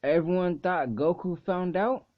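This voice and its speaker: A man's voice: high voice, unhurried. A young man casually recapping an anime episode in a rambling way, full of swearing and filler words. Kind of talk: casual video review recap. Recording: dull lo-fi recording.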